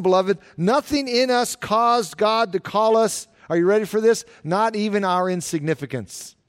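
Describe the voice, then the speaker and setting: A man preaching a sermon in an earnest way, slowing down to stress the scripture he quotes. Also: high-pitched. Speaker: pastor.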